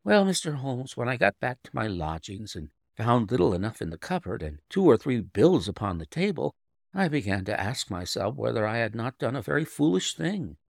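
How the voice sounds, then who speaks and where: A man reading an audiobook, voicing a young governess who tells her story in a proud, firm, measured way. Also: mid-range voice, very animated, vocal fry, no echo, studio quality. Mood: earnest.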